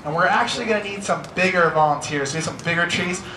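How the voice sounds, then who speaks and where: Pitched high and delivered fast, this American man's voice sounds pushed and bright, with a little hiss or hum in the background. Hosting an educational bird show on an outdoor amphitheater stage, he teases volunteers playfully to draw them in, captured in roomy live sound with music.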